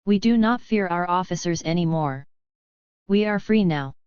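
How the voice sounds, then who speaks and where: A woman voicing a calm, kindly male Russian revolutionary, speaking evenly and soothingly. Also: on the low side, normal speed, clear, resonant tone, no room sound, lo-fi sound, close to an everyday voice. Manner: even, quiet and soothing.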